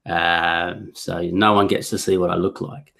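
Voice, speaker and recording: A man's voice: deep voice, little pitch movement, unhurried, vocal fry, bright, forceful tone. A man co-hosting a podcast over an audio-only video call, wry and self-mocking. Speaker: podcast co-host. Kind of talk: casual chat.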